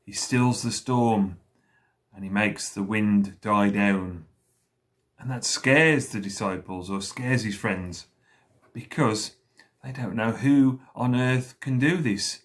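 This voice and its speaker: A man leading school worship, slowly retelling a story for children and pausing to ask them questions. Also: fairly low pitch.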